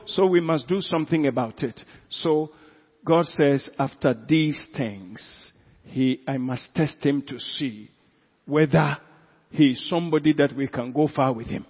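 A man with a Ghanaian accent, a pastor preaching a sermon who swings from quiet asides to loud, drawn-out emphasis. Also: fairly high pitch, breathy edge. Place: church hall. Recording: echoey hall, dull lo-fi sound.

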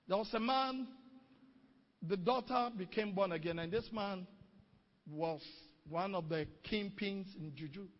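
A male pastor telling a testimony in an animated sermon, recorded dull and distant-sounding in a hall with long echo. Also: high voice, a little slow, pauses often. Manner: storytelling, animated, exclaiming.

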